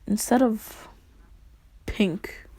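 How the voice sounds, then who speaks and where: A woman's voice: fairly high pitch, extremely slow, dark tone, husky. A woman telling a casual self-insert story, rambling and chuckling between lines. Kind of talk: casual fan-fiction storytelling.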